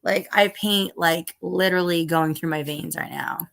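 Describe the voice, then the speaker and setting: A woman's voice: fairly low pitch, steady tone, a little slow, creaky, a bit bright. A middle-aged woman from the Northeast United States hosting a casual live stream, chatty and rambling as she reads the chat, sounding tired. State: tired, yawning. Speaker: livestream host.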